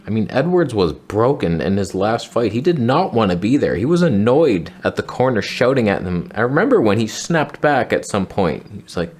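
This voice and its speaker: A man's voice: medium pitch, expressive, fairly quick, few pauses, darkish tone. A man hosting a casual fight-prediction show, talking in a joking, sarcastic way. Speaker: podcast host.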